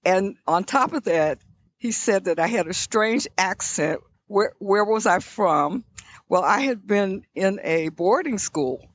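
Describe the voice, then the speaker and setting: A woman's voice: mid-range voice, lively intonation, takes it slowly, no room sound, highs cut off. An older woman from Birmingham, Alabama, recalling her past as a guest in an interview, in a reflective storytelling manner. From Birmingham, Alabama, USA.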